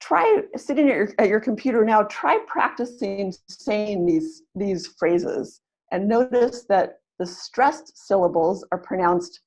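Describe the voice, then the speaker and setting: A woman leading an online teaching webinar, explaining pronunciation slowly and modeling words syllable by syllable. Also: medium pitch, animated, darkish tone.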